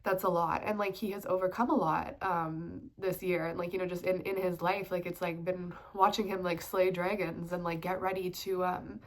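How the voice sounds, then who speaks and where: A woman's voice: lowish voice, flat delivery, normal speed, hardly any pauses. A woman in her twenties with a stuffed-up nose from a cold, talking casually about tarot and astrology in a rambling vlog with many fillers. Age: 20s. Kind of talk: casual spiritual vlog talk.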